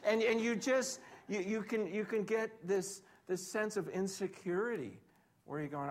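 A man preaching a sermon in a lively, conversational way, with self-deprecating jokes and acted-out quotes. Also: high-pitched, moderate pace. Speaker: pastor.

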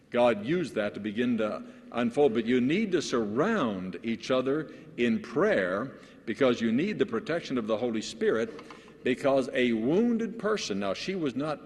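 Animated preacher man in a reverberant hall. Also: medium pitch. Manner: lively, storytelling preacher with restarts. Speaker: pastor. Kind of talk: sermon to pastors.

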